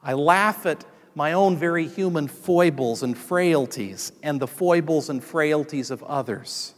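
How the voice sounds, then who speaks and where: A somewhat high-voiced man preaching a sermon in a church sanctuary, his voice trailing off into a long hall reverb. He tells stories and turns to the congregation as he speaks. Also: a little slow. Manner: storytelling, addressing the congregation directly. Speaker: pastor.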